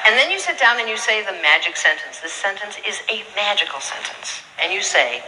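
A woman's voice: mid-range voice, brisk, hardly any pauses, slight background noise, rough recording. A woman speaker telling stories to a live audience and acting out the voices of the people in them. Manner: animated, acting out quoted voices with laughter. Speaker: motivational speaker. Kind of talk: storytelling talk to a live audience.

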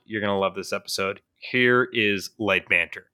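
A young man tells a story on a casual podcast, his voice bright and forward. He talks in an animated way, piles up fillers and swears freely. The recording is dry and close. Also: lowish voice, normal speed, clean tone, no room sound. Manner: animated and profane, with frequent fillers. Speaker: podcast co-host.

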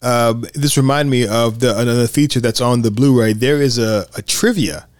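A man's voice: medium pitch, normal speed, no echo. Man co-hosting, dry close sound. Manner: chatty, repeats words as he talks. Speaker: podcast co-host. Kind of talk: casual film discussion.

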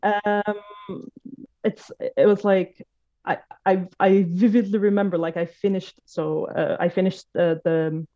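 A woman's voice: mid-range voice, fairly even intonation, measured pace. A woman in her late twenties telling a personal story in casual conversation, hesitant, with many fillers and restarts. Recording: dull lo-fi recording.

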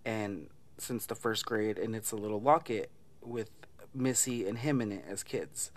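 A man's voice: fairly low pitch, measured pace. A man casually retelling a movie plot, chatty and laughing often, swearing and mimicking lines from the film. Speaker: movie recap vlogger.

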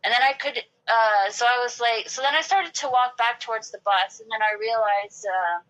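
A woman's voice: fairly high pitch, moderate pace, a bit bright, dull audio. A woman in casual chat, telling a long personal story, saying "like" a lot and acting out what people said. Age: late 20s or older. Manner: chatty, lots of "like", acts out quotes.

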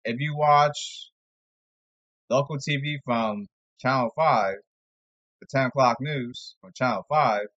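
A man's voice: mid-range voice, slow, long pauses, a bit bright, muffled recording. A man giving a rambling, sarcastic sports commentary monologue, exasperated and jumping from topic to topic. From New York area.

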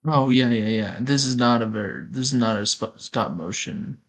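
A young man with a dry, teasing humor in a relaxed conversation. He stumbles over words now and then. His pitch is average for a man. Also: moderate pace. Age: young adult. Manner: dry, teasing, stammers a bit. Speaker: podcast co-host. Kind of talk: casual chat.

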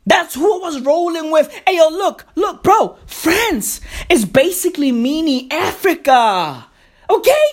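In a high, very animated voice at a measured pace, a woman delivers a profane comic rant. She's emphatic and repetitive, swearing heavily and calling the listener "bro."

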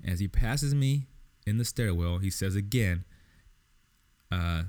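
A young man with a very low voice tells a story in a loose, profane rant. He swears constantly and sounds fed up, like he is venting to a friend. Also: animated, slow pace, darkish tone. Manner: profane, exasperated, lots of swearing. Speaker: podcast host.

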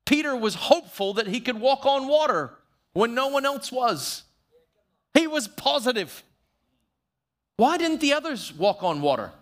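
A man preaching a sermon, emphatic, slowing down to stress key phrases and acting out short quoted prayers. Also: very high-pitched. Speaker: pastor.

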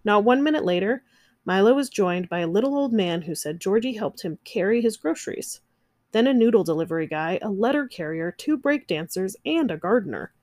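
A woman reading a children's picture book aloud, gentle and expressive. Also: medium pitch, a little fast, dry recording, studio quality. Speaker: narrator. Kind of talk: children's storybook read-aloud.

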